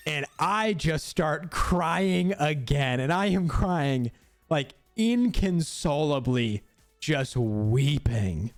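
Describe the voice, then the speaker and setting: A young man streaming, casually telling a story while gaming, animated and cursing freely with frequent laughter. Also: on the high side, slow, no echo, faint music behind.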